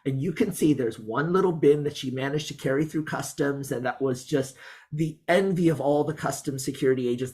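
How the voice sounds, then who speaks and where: A teacher presenting a student project to an online audience. The voice sits at an ordinary middle pitch and the delivery is chatty, upbeat and full of enthusiasm. Small asides keep it conversational. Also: a little mellow. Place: Montreal.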